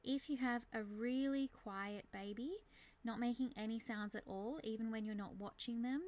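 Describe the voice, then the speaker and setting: A woman calmly explaining baby speech development, reassuring parents and demonstrating babbling sounds. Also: a little high, normal speed. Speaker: speech therapy educator. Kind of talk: explanatory teaching monologue.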